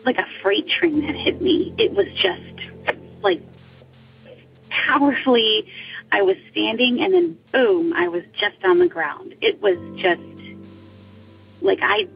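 A woman's voice: a little high, creaky. A young woman telling her own ghost story in casual speech, hesitant, with many ums and restarts. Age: young adult. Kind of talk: casual first-person storytelling. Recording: slightly dull audio with faint music.

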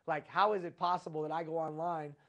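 A man's voice: on the high side, little pitch movement, brisk, fairly bright tone, dull audio. A middle-aged man giving a live conference lecture on leadership, preachy and repetitive, with lots of rhetorical questions. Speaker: leadership trainer. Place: conference room.

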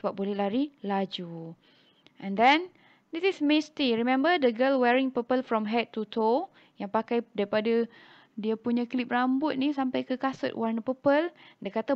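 A young woman with a Malaysian accent and a fairly high voice, guiding small children through a picture story. She talks slowly and with emphasis, repeating things in two languages. The recording sounds dull and lo-fi. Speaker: primary school English teacher. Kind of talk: storybook walkthrough for young pupils, mixing English and Malay.

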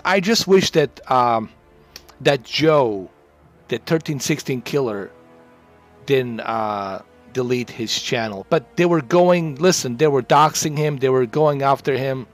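Male streamer, mid-pitched, brags and rambles, dry mic with soft music. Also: no echo. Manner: boastful, profane, rambling. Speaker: livestreamer. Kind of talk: rambling livestream chat.

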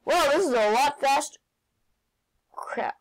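A woman playing a video game and commenting as she goes, excitable, often shouting and laughing. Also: sits high, slow pace, poor audio. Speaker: gaming channel host.

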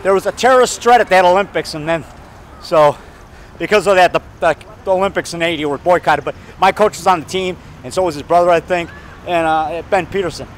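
A man in his fifties rambling excitedly while walking down a town street, talking to camera and calling the viewer brother and man. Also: high voice, brisk, a little hiss or hum. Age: 50s. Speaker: filmmaker vlogging. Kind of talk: rambling outdoor vlog.

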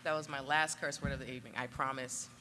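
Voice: mid-range voice, fairly even intonation, fast talker, over a noisy crowd, heavy background noise. An activist speaking on a live panel with sassy, joking asides. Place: convention hall stage.

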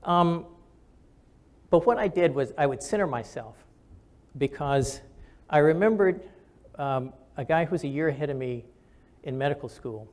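A man's voice: a little high, animated, a little slow, pauses often, darkish tone. Older man telling stories earnestly. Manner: conversational, earnest, with frequent restarts. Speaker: physician and military officer. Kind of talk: reflective storytelling talk. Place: recorded for camera.

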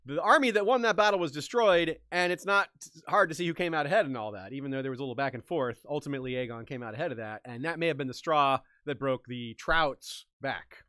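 A man talks through history in a loose, thinking-aloud way, restarting sentences as ideas come to him. His voice is bright and forward, recorded very dry and close. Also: fairly high pitch, quick pace, few pauses, no room sound. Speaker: podcast host. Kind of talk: casual history discussion.

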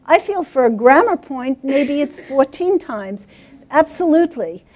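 A woman giving a workshop talk to teachers, animated and acting out stories. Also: high voice, unhurried. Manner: animated, acts out voices. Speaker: guest speaker for teachers.

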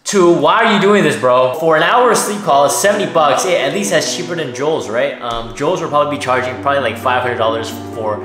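A man hosting a reaction video in casual commentary, mocking and incredulous, sometimes bursting into shouts. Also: fairly high pitch, lively intonation, fairly quick, hardly any pauses. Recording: roomy echo with music. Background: music.

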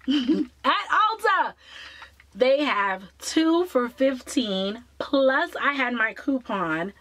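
A woman's voice: on the high side, a bit bright. A woman chatting enthusiastically to her viewers in a casual beauty haul vlog. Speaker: beauty vlogger.

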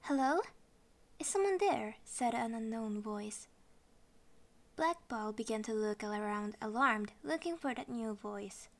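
A woman reads a picture-book story aloud for toddlers, expressive and gentle. Her voice sits a little high. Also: a little slow. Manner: expressive storybook reading, non-native English. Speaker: narrator. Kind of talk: reading a children's story aloud.

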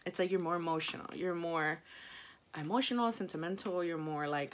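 A young woman with a Mexican-American accent chats candidly to the camera about her pregnancy. Her voice sits a little low but leaps into high, excited bursts whenever she acts out what she once said. She talks casually, with plenty of fillers. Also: a little fast, slight background noise. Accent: Mexican-American English. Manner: chatty, animated, quotes herself in high excited bursts. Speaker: vlogger.

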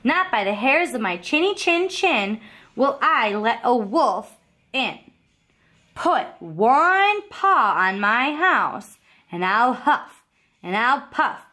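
A woman voicing a rude, bossy little pig in a storybook, drawing out slow, taunting threats. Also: fairly high pitch, very animated, sharp tone, exaggerated voice.

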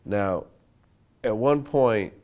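A man's voice: fairly low pitch, drawn-out words, a little mellow, clear, resonant tone. A male interviewer asking short, dry follow-up questions.

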